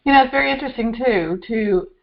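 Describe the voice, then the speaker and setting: A woman's voice: fairly high pitch, fast talker, gravelly, lo-fi sound. A woman hosting a talk show, reflecting aloud in a conversational way with small restarts. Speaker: host. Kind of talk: conversational interview.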